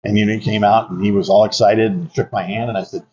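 An older man, an Army veteran, tells reflective stories in a conversational interview, often using fillers and restarting his sentences. His voice is on the low side and darkish, with a flat delivery and a fast pace. The audio is dull and lo-fi.

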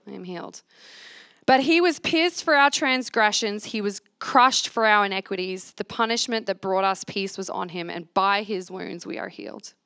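A woman's voice: medium pitch, normal speed, a bit bright, no room sound, clean studio sound. Earnest woman leading a call-and-response sermon. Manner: earnest, asks the room to repeat lines. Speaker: speaker leading a church reflection. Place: church gathering.

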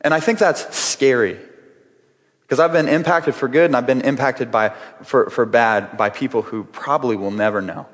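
A man's voice: mid-range voice, moderate pace. Earnest male preacher in a reverberant hall. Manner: earnest, conversational preaching with frequent restarts. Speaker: pastor. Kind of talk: sermon. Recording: long reverb of a large hall.

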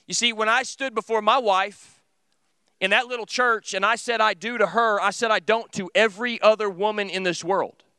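A man's voice: extremely high pitch, pushed and bright, clear, resonant tone, dry recording. A middle-aged man preaching a sermon in an earnest, conversational, storytelling way. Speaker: teacher.

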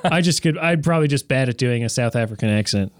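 A man chatting casually with a lively, up-and-down voice, rambling through jokes with plenty of fillers and restarts. The sound is dry and close, with no room around it. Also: medium pitch, fast, dry recording. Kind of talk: casual chat.

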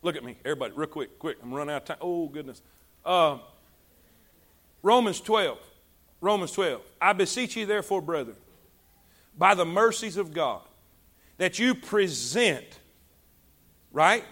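A preacher delivering a sermon, his voice high and ringing with a bright, sharp edge. He calls on the congregation to repeat after him, pushing hard on key words and then dropping low and soft. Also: animated, unhurried, long pauses. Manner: exhorting congregation, call and response; rises and drops in volume for emphasis. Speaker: pastor.

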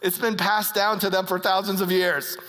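A preacher giving an earnest sermon as a story, with frequent halting restarts. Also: mid-range voice, flat delivery, a bit bright, in a large hall, poor audio.

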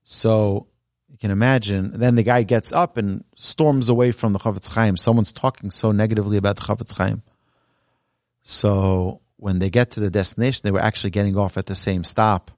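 A male rabbi delivers a Torah talk in a fairly low voice, earnest and exhortative, lifting his pitch for emphasis as he tells a story. The sound is close and dry, with little room echo. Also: fairly even intonation, moderate pace, darkish tone. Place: Torah learning center, indoors. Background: live audience present.

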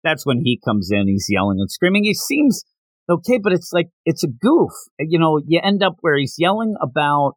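A man co-hosting a casual podcast, talking through a manga story with lively rises and falls in his voice. He speaks fast and slips into quoted lines and laughs. His slightly high voice is recorded dry and close. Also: dry recording. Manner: animated, quick recaps with laughs and quoted lines. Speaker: podcast co-host. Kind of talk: casual chat reviewing manga.

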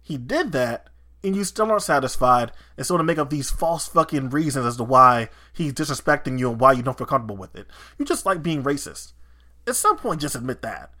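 Heated, bright-voiced podcast man. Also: mid-range voice, big pitch swings, fast. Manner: heated, swearing, rambling with restarts. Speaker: podcast co-host. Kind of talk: casual chat.

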